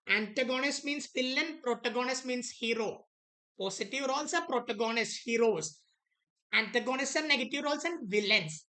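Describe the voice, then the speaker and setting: A woman's voice: on the high side, fairly bright tone, poor audio. A woman, teaching an online exam prep lesson, repeating key words and acting out an author's attitude.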